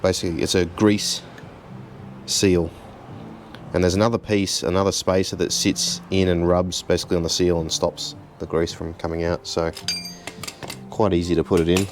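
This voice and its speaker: A very low-voiced man talks through fixing a car in a home garage. He keeps it relaxed, chatty and self-deprecating, with a faint hiss of background noise under his voice. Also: normal speed. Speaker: home mechanic host. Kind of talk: casual how-to narration.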